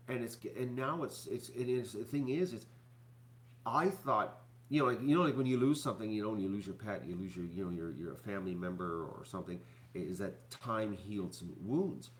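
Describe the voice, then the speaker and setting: A man hosting his own channel, talking to viewers in a rambling, halting way full of fillers and restarts, sounding depressed and upset. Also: mid-range voice, a little hiss or hum. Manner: halting, repeats words, many fillers. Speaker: YouTuber host. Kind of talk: rambling live-stream talk to viewers.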